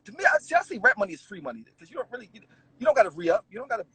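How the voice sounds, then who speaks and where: A man's voice: high-pitched, racing, breathy edge, dry recording, poor audio. A man, a rapper telling stories in a casual interview, swearing and laughing as he goes. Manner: animated, swearing, laughing storyteller.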